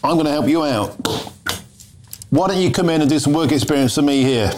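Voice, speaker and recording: A man's voice: fairly high pitch, brisk, noisy background. A middle-aged man hosting a radio talk show, emphatic and repeating himself, calling his guest mate. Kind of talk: call-in radio chat.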